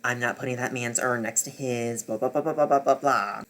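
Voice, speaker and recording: A man putting on a sullen, dismissive young man in a quick mocking quote. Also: medium pitch, steady tone, a bit bright, voice pushed down, close to an everyday voice. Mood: scornful. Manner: dismissive, scornful.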